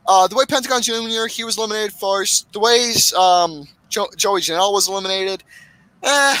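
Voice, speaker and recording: Man, podcast host, excitable, swears a lot, high bright voice. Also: no room sound, poor audio. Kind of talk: casual wrestling recap chat.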